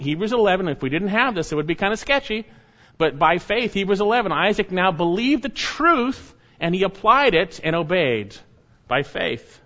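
Emphatic preacher man, dull lo-fi recording. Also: a little high. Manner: preaches emphatically, rising and loud when exhorting. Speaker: pastor. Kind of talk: expository sermon.

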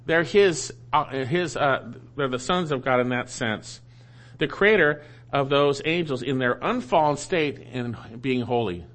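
A man's voice: mid-range voice, a little slow, a bit bright. A man preaching a sermon that teaches through a Bible passage, emphatic and repeating key phrases for stress.

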